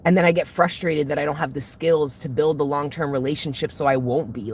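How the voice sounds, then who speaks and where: A tarot reader and channel host with a very deep voice vents casually to her viewers, talking fairly quickly with few pauses over a little hiss or hum. She's blunt and swears heavily, repeatedly building into emotional outbursts.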